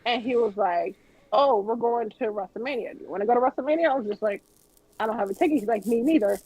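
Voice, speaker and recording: A woman's voice: a little high, fast, a little mellow, husky, no room sound, low-quality recording. A woman guest telling a story on a podcast in a casual way, swearing freely and acting out the people she quotes.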